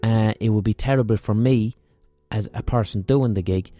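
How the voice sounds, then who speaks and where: A man's voice: lowish voice, normal speed, soft background music. Sweary Irish man ranting a comic story. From Ireland. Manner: sweary, ranting, animated asides. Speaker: comedian and podcast host. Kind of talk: profane comic storytelling monologue.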